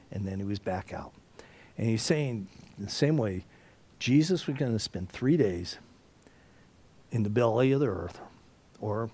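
A man leads a Bible study in a lively, rising and falling voice, raised a little high for a man. He booms on key points and drops to a near hush on others. The sound is close and dry. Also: no echo. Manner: animated, swings from loud emphasis to hushed tones; frequent restarts and throat clearing. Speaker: Bible teacher.

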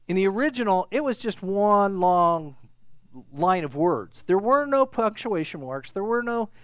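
A pastor with a high voice, recorded dry, preaches a sermon in a conversational teaching style with frequent "okay?" check-ins. When stressing a point, he grows emphatic and raises his voice.

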